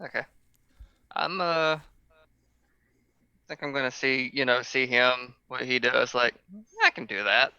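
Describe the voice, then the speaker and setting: A man's voice: medium pitch, fairly even intonation, unhurried, gravelly, pauses often, bright, forceful tone, clean tone, no room sound. A man playing a tabletop game, describing his moves with many fillers. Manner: hesitant, filler-heavy. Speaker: player. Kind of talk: casual tabletop role-play. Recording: dull lo-fi mic.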